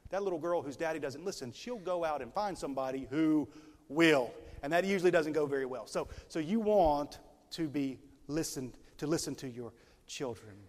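A man preaching a sermon as a pastor, emphatic and stretching key words slowly for weight. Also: a little high, expressive. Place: large church sanctuary. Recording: long reverb of a large hall.

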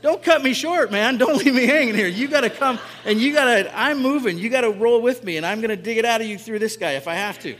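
A man doing an urgent, pleading Holy Spirit voice, pitched way up and loud, pushy, emphatic, ringing in a reverberant hall. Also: quick pace, hardly any pauses. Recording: echoey hall.

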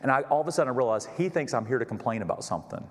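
A male pastor telling stories in a sermon from the stage, folksy and chatty, often restarting his sentences. His voice sits in a middle pitch. It carries a long echo from a church hall. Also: expressive, rapid-fire. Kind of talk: storytelling sermon.

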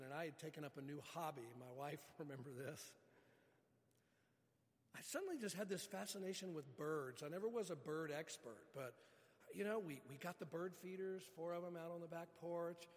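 A middle-aged man preaching, telling a folksy personal story in an animated way. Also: fairly high pitch, a little fast, in a large hall. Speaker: pastor.

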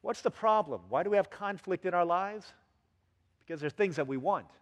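A man's voice: high-pitched, normal speed, dull audio. A man giving a sermon as pastor, telling everyday stories and acting out quoted lines with lots of energy. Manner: animated storytelling with acted-out quotes. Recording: long hall reverb.

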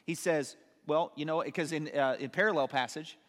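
A man's voice: a little high, moderate pace, a bit bright, long reverb tail. A man teaching a sermon, reading scripture aloud and explaining it with questions to his listeners. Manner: explains and asks questions, reads verses aloud. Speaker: preacher.

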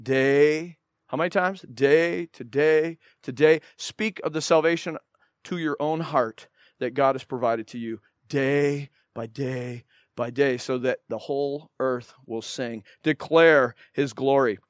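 A man preaching a sermon, lively and animated, who acts out other people's voices in his stories. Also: mid-range voice, takes it slowly, no echo. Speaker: pastor.

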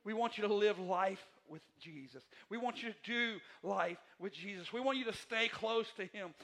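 Male pastor, high bright voice, emphatic repetitive sermon delivery. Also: moderate pace. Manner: repetitive, emphatic preaching with swings between soft and loud passages. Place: church sanctuary.

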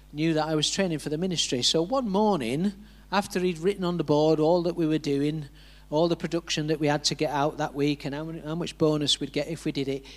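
A man with a voice on the high side preaches a sermon built around a personal story. He acts out the voices of the people he quotes and chuckles along as he tells it.

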